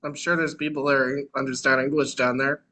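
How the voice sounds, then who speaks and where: A man's voice: medium pitch, flat delivery, fairly quick, bright, forceful tone. A man chatting easily as a guest on a comedy show. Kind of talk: casual chat.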